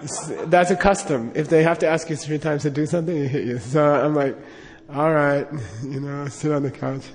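A man's voice: on the high side, steady tone, fairly quick, few pauses, darkish tone, long reverb tail. A middle-aged man telling a personal anecdote in a rambling way, with lots of fillers and chuckles. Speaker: storyteller.

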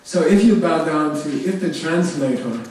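A man teaching a class on a Buddhist text, explaining terms slowly and checking in with "okay?" again and again. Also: on the high side, animated, darkish tone, slight background noise. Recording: echoey hall, distant mic. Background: audience of students.

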